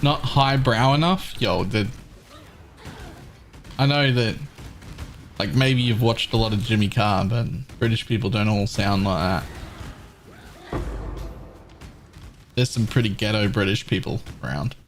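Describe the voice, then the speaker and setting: A man's voice: fairly low pitch, measured pace, long pauses, soft background music. An Australian man streaming live, chatting with viewers in a rambling, sarcastic way and swearing casually.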